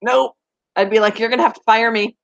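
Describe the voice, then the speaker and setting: A woman hosting a casual chat with her viewers, talking fast and laughing often. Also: a little high, steady tone, gravelly, no echo. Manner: chatty, laughs often, baby talk to pets. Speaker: pet channel host. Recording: dry, slightly muffled home recording.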